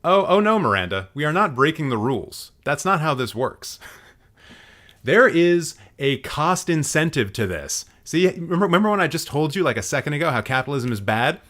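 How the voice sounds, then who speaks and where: A man's voice: on the high side, sing-song, normal speed, a bit bright. A man hosting a comedic live stream, reading the chat with mock-menacing, profane, playful rants. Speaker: livestream host.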